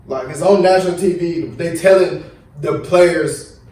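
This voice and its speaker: A man's voice: fairly high pitch, measured pace, recorded from a distance. A young man hosting a podcast, telling a story in casual chat and acting out what people said. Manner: animated storytelling, acts out quotes. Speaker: podcast host. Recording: echoey room, voice a bit off-mic.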